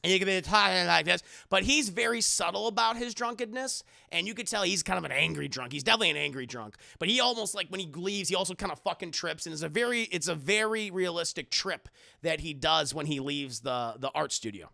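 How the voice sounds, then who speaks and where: Gravelly, high-voiced streamer recapping a film. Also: male voice, fairly quick, pushed and bright, dry recording. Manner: profane, rambling, talks straight to chat. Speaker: film reviewer streaming live. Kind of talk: casual spoiler recap to a live chat.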